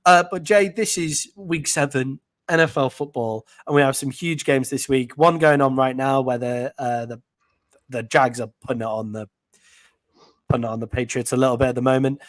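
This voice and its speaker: A man with an English accent co-hosting a casual sports podcast, chatty and quick to laugh, with plenty of fillers. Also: medium pitch, no room sound. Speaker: podcast co-host.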